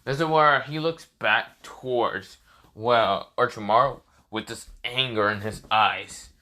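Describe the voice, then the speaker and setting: Rambling man with a bright, sharp voice. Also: mid-range voice, measured pace. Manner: rambling, with many fillers and restarts. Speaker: narrator. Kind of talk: casual fan story narration.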